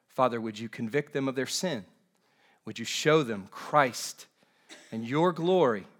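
A male pastor leading a prayer and preaching at a morning church service, with a measured, earnest delivery and frequent repeated words. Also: medium pitch. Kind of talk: sermon with opening prayer.

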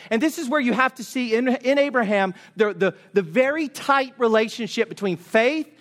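A man's voice: very high-pitched, lively intonation, moderate pace, few pauses, a bit bright. A man preaching a sermon, emphatic and urging, asking his listeners question after question. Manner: emphatic, urging, asks repeated rhetorical questions. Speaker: pastor.

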